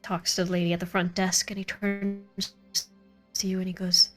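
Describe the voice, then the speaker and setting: A woman's voice: mid-range voice, level tone, normal speed, faint music behind. A woman as game master, narrating a tabletop game in a chatty way and laughing often.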